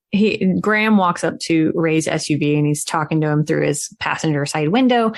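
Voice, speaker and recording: A woman's voice: sits low, dry recording, studio quality. A woman casually recapping a film as a podcast co-host, chatty and laughing often. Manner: chatty storytelling with frequent laughs.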